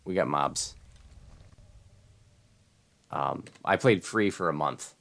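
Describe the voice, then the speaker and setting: A man's voice: extremely low pitch, takes it slowly, vocal fry, a bit bright. A man chatting casually and rambling while streaming a game with friends. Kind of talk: casual gameplay chat.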